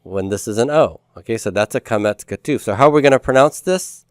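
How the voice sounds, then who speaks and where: Man teacher going over homework, smooth clear voice, dry close sound, asks then answers himself. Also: mid-range voice, lively intonation, fast, no echo. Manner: patient, asks questions and answers them himself. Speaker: Hebrew teacher. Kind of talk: homework review lesson.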